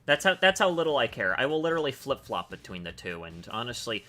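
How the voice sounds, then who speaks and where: A man's voice: mid-range voice, big pitch swings, quick pace, sharp tone, faint music behind. A man hosting a casual stream, ranting with lots of swearing. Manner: profane, ranting, laughs hard. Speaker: stream host.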